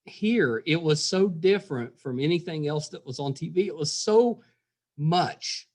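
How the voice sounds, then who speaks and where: A man's voice: fairly high pitch, expressive, measured pace, a little mellow. A man hosting a podcast interview, asking laid-back questions with many fillers. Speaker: podcast host. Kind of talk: casual interview.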